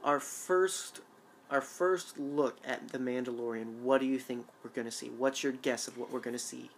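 A man's voice: medium pitch, steady tone, moderate pace, slight background noise. A man co-hosting a casual fan chat, eager and rambling with lots of restarts. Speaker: show co-host.

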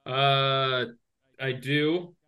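Deadpan man co-host, mid-range voice, dry delivery. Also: medium pitch, drawn-out words, smooth. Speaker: co-host, comedian. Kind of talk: casual podcast banter. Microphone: remote call.

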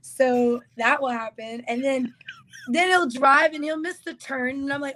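A woman's voice: high voice, measured pace, fairly bright tone, poor audio. A woman guest in a casual podcast chat, giggling a lot as she tells stories about her partner. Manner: giggly, chatty storytelling.

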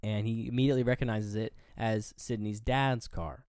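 Speaking smoothly at a normal pace, this male podcast co-host gives a casual, scene-by-scene movie recap. He performs the characters' lines with sudden pitch shifts, swearing freely and using plenty of fillers, in an echo-free studio-quality recording.

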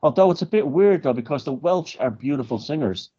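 An Irish man, a podcast guest, chatting casually and telling stories in a relaxed way. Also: fairly high pitch, brisk, husky, muffled recording. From Ireland. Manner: relaxed storytelling, slips into quoted dialogue. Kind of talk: casual conversation.

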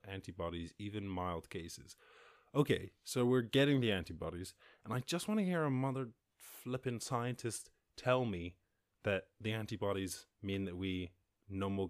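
This is a solo podcast where an Irish man riffs on news headlines, swearing and laughing freely while rambling and breaking off mid-thought to start again. His voice is low, and the studio sound is clean with no echo.

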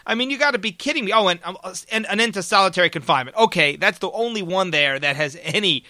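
High, sharp-voiced male commentator. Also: expressive, quick pace, no room sound. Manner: emphatic, rhetorical questions, addresses listeners as folks. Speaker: podcast host. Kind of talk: opinion commentary monologue.

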